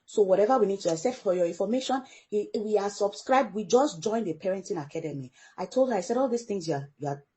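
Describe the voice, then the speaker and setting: Middle-aged woman from Africa, parent guest, animated storyteller who plays out quoted dialogue. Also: mid-range voice, fast, few pauses. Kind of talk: storytelling in a podcast interview.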